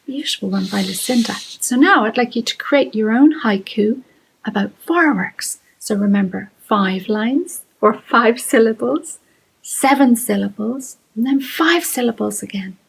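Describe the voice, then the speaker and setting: Her voice is fairly high, animated, a little slow and gravelly, with some hiss or hum on a rough recording. The middle-aged Irish woman runs a creative writing lesson for children, posing encouraging questions and reading short poems.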